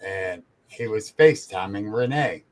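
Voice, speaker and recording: A man's voice: on the low side, expressive, unhurried. Older man, easygoing storyteller. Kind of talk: casual chat.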